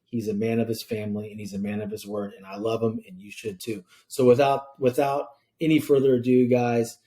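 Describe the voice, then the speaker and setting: A man's voice: medium pitch, fairly even intonation, fairly quick, warm tone. A male podcast host runs a casual interview, with a mid-range voice and plenty of slang. He sounds hyped and enthusiastic as he reacts and closes the show.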